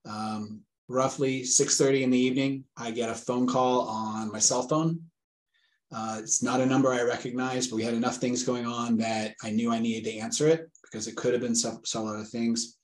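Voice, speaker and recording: In an echoey room, a man in his forties with a medium-pitched voice and level tone speaks at normal speed. He's a father being interviewed, retelling with vivid earnestness the scary scam call he received.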